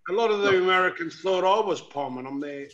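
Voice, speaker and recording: A man's voice: high voice, lively intonation, fast, over a noisy crowd. An Australian man chatting casually in a laid-back, joking way. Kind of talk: casual chat. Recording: dull lo-fi audio.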